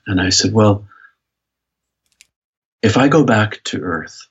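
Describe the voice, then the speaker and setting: A man's voice: on the low side, lively intonation, unhurried, husky. An American pastor talking as an interview guest, telling a personal story earnestly and reflectively, often restarting his phrases. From United States. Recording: dull lo-fi sound.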